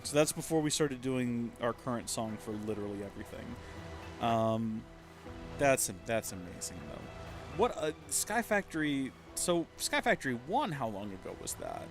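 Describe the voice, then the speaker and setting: A man in his thirties chatting casually as a streamer, rambling and poking fun at himself. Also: mid-range voice. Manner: chatty, rambling, self-mocking. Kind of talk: casual let's-play commentary.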